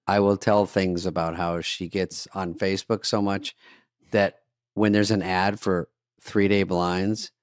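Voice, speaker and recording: A man's voice: deep voice, level tone, measured pace, clean tone, no room sound. A man co-hosting a comedy podcast in casual chat, telling stories in a wry, dry way with mocking asides.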